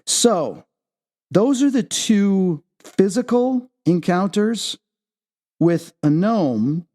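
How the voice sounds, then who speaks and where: A man hosting a paranormal talk show, telling a personal story in an animated way. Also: drawn-out words. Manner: excitable, leaps high when reenacting his own reactions. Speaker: podcast host.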